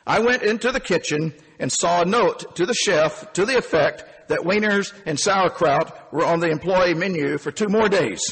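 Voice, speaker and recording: A man in his fifties telling a first-person story, animated and emphatic. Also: fairly high pitch, husky, long reverb tail. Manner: animated and emphatic, with punchy phrasing.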